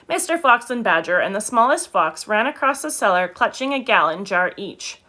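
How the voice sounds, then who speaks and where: A woman reading a children's book aloud, expressive, stopping to correct her own slips. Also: mid-range voice, normal speed, few pauses. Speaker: reader.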